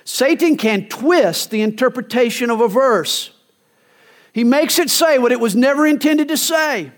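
A man's voice: extremely high pitch, animated, unhurried. A male pastor preaching a sermon, emphatic, telling stories and acting out quoted lines. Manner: emphatic, storytelling with acted quotes.

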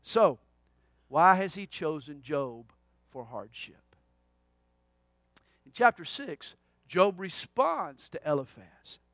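High-voiced, dynamic preaching man. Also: sing-song, slow, long pauses, dry recording, clean studio sound. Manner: dynamic preaching, swinging from loud declaration to hushed intimacy. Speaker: pastor. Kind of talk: sermon.

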